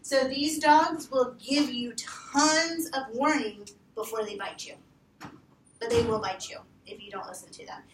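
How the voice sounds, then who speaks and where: A woman teaching volunteers about dog behavior, animated and lively, acting out what dogs think. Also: a little high, unhurried, background noise. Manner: animated, acts out dogs' thoughts in quotes. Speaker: veterinary behavior instructor. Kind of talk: training talk to volunteers. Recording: roomy, from far off, faint ambience.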